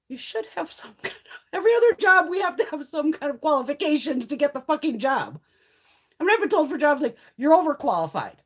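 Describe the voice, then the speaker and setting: A woman in her fifties chatting casually on a live stream, blunt, profane and animated. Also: high-pitched. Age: 50s. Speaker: beauty livestream host.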